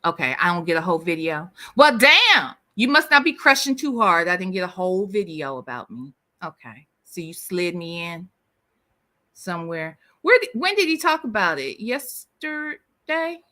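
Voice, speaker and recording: A woman's voice: lowish voice, sing-song, normal speed, bright, forceful tone. A woman hosting a casual livestream chat, answering viewer comments with sassy, candid banter. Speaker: livestream host.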